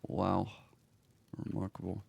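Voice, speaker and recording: A man streaming a roleplay game, reading in-game messages aloud slowly and reacting to them in a quiet, reflective way, with sighs between lines. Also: deep voice, completely flat delivery, gravelly, slightly rough.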